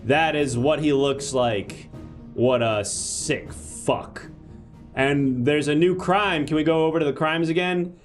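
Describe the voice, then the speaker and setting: Man voicing a judge host, brisk, slightly high voice, faint music behind. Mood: upbeat. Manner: brisk, thanks viewers, reads chat. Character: male courtroom judge, chatty show host. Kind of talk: live-stream improv comedy.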